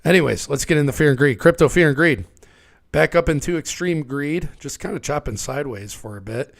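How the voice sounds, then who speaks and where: A man with a raspy, hoarse voice from being sick, hosting a casual livestream and talking through market charts. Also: fairly high pitch, brisk. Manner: conversational, talks through charts. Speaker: livestream host.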